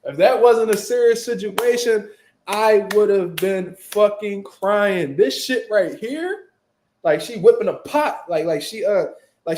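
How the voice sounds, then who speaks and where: A man telling a story in casual chat, animated and full of profane street slang. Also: high voice, echoey room. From Philadelphia, US. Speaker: boxing show host.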